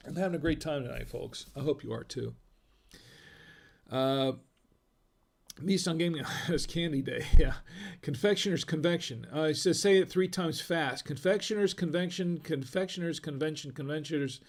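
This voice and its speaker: Vocal fry colors a slightly high male voice that pauses often and keeps a normal speed. Hosting a casual stream over wine, he's tipsy, reading out the chat, rambling and chuckling frequently.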